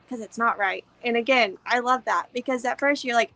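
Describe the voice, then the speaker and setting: A woman's voice: on the high side, brisk, bright, forceful tone, no echo, rough recording. A young woman co-hosting a podcast, chatting casually about a movie, swearing freely and acting out scenes. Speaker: podcast co-host.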